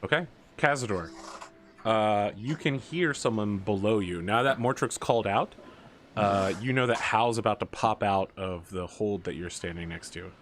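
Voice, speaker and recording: A man's voice: fairly low pitch, a little hiss or hum. A man narrating as game master in a casual tabletop game, explaining rules and describing actions with frequent fillers. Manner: describes actions in quick, halting bursts with fillers.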